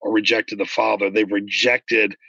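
Gravelly, bright-voiced man explaining faith. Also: on the low side, normal speed, no echo, lo-fi sound. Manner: earnest, explanatory, animated when retelling stories. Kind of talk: casual conversation about faith.

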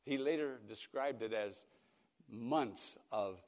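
An older man pastor delivers a radio sermon in a folksy storytelling way. He swells into emphatic, loud peaks. His voice carries the long reverb of a church hall. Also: medium pitch, slow.

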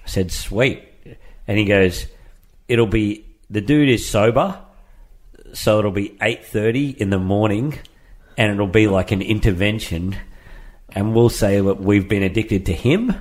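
Aussie comic guy, lowish voice, rambling story mode, chuckles a lot. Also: unhurried, darkish tone. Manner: rambling storyteller, laughs often. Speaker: comedian. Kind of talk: casual podcast chat.

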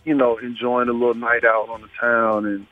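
A man's voice: medium pitch, little pitch movement, a little fast, dry recording. A man in his thirties, a guest on a call-in interview, talking in an earnest, reflective way full of fillers. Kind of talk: casual interview chat. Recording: tinny phone line with faint music.

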